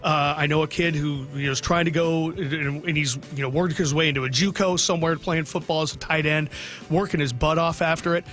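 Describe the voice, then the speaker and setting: A man's voice: fairly high pitch, steady tone, brisk, a bit bright, soft background music. A middle-aged man, a radio sports broadcaster, talking heartfelt and rambling about his son in a radio interview, choking up at times.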